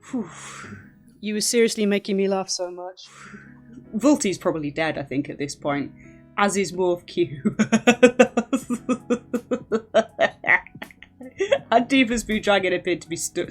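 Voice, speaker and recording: A woman chatting casually on a live stream, rambling and self-mocking. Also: lowish voice.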